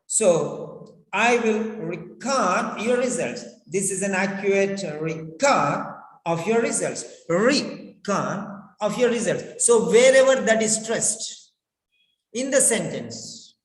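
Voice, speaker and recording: A man teaching pronunciation, repeating words and phrases slowly to drill them. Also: high voice. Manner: repetitive, drills words over and over. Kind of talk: slow instructional lesson. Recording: echoey room with long reverb.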